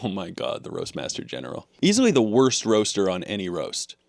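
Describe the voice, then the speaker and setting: A man co-hosting a comedy podcast, riffing deadpan on made-up streaming shows. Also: fairly low pitch, fairly quick, vocal fry, dry recording, studio quality. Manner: deadpan, riffing on fake products. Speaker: podcast co-host. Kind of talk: improvised comedy banter.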